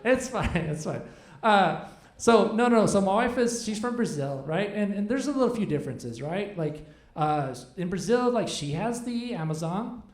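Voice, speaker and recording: A man's voice: high voice, expressive, moderate pace. A man in his forties doing a rambling, self-deprecating stand-up set, chatting with the audience from a club stage. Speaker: stand-up comedian. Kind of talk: stand-up comedy set with crowd work. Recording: echoey live room.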